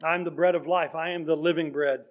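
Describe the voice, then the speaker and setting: High-voiced man preaching a sermon. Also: fairly even intonation, a little fast. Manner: earnest, conversational preaching with scripture reading.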